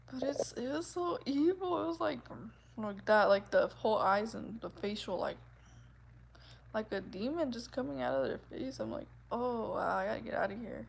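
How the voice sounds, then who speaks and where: A woman in her twenties chatting casually with her viewers, with a soft, gentle voice and a giggly, rambling way of talking that is full of "like". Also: fairly high pitch, creaky, background noise. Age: 20s. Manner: chatty, giggly, fills speech with "like". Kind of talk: casual livestream chat.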